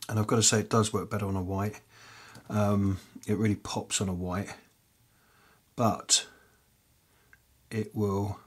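A man hosting a casual miniature-painting tutorial, rambling with lots of fillers and muttering softly to himself as he paints, chewing peanuts as he talks. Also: on the low side, husky. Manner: rambling, chatty, many fillers; chewing peanuts while talking. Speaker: miniature painting hobby channel host.

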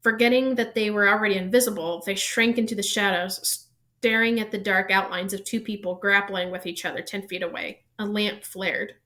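A woman reading a children's novel aloud, narrating in an even, steady storytelling manner. She keeps the flow plain, now and then catching and fixing a slipped word. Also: medium pitch, moderate pace. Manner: even storytelling pace, small self-corrections. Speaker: reader.

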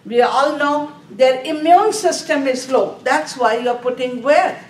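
A woman lectures a nursing review class at a slow, deliberate pace, posing questions and answering them herself. Her voice sits a little high. She is recorded from a distance in an echoey room with faint background noise. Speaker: nursing exam instructor.

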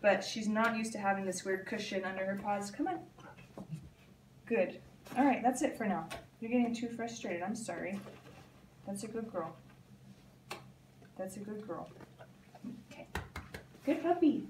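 A woman's voice: medium pitch, normal speed, pauses often, a little hiss or hum. A woman training a dog, coaxing it with short repeated cues and explaining the steps as she goes. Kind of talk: live training session with commentary to camera. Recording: echoey, from a distant camera mic.

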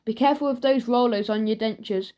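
A woman's voice: on the high side, brisk, a little mellow, lightly acted. Woman voicing an earnest male shopkeeper. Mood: grave. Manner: solemn, easily wounded.

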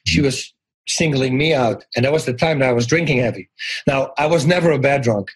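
A middle-aged Dutch man from the Netherlands tells stories as a guest in a casual interview, speaking with a Dutch accent. He is animated, acts out quoted lines, and often restarts his sentences. His husky, mid-range voice runs a little fast, and the recording is rough.

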